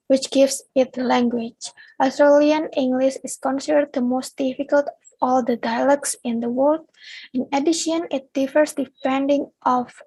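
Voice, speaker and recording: A young adult student from Indonesia reads her prepared class presentation aloud with an Indonesian accent. Her high voice is slightly mellow and a bit rough, and the recording is dry and rough.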